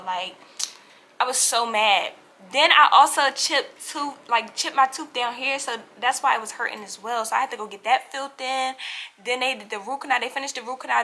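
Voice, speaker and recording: Young woman vlogger, bright high-ish voice, animated storytime delivery, talks straight to the viewers. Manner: acts out other people's lines in quotes. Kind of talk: storytime vlog.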